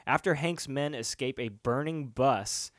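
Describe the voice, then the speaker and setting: A man's voice: medium pitch, measured pace, a bit bright, no echo, clean studio sound. A man hosting a casual chat, reading out episode summaries and joking, with frequent swearing and laughter. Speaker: podcast host.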